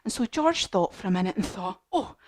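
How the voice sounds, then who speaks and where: A woman's voice: mid-range voice, animated, fairly quick, no echo, clean studio sound. A woman leading a children's yoga class through a story, singsong and encouraging.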